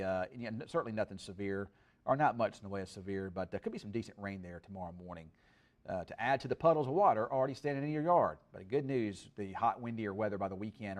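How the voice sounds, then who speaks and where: A middle-aged man chatting casually on a live stream in a rambling, folksy way, full of fillers. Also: fairly low pitch. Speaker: weather streamer.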